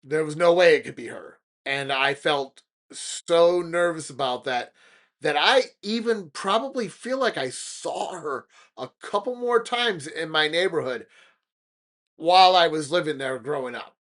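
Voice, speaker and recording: A man hosting a podcast, telling a personal ghost story in an animated, dramatic way. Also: on the high side, unhurried. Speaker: podcast host. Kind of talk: casual storytelling.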